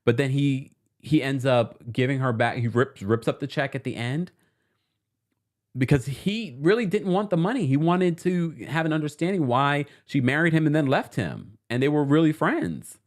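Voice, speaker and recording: A man's voice: a little high, normal speed. A man hosting a casual reality TV recap stream, chatting and laughing and reading out viewer comments. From New York City. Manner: animated and chatty, laughing often. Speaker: host of a reality TV recap show.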